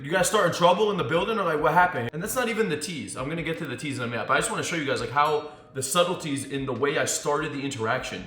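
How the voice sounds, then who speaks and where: A man coaching on dating in a casual monologue, telling stories with swearing and acting out what people said. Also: on the high side. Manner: animated storyteller who swears and acts out quotes. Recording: echoey room with faint music.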